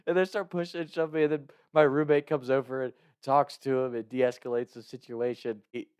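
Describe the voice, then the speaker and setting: A man's voice: medium pitch, steady tone, a little fast, darkish tone, clear, resonant tone, no echo, studio quality. A young adult man hosting a podcast, telling a casual story and chuckling often. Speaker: podcast host.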